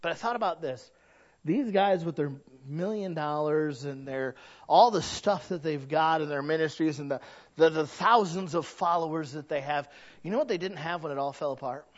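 A man's voice: a little high, moderate pace, lo-fi sound. A man preaching a sermon in a conversational way, asking rhetorical questions and building to emphatic peaks. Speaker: pastor.

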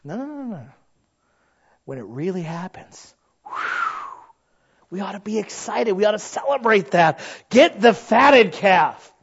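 A male pastor preaching a sermon, animated and folksy, asking rhetorical questions and joking at his own expense. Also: high-pitched, normal speed, gravelly, pauses often, slightly rough, dull audio. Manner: animated, frequent rhetorical questions and self-deprecating humor.

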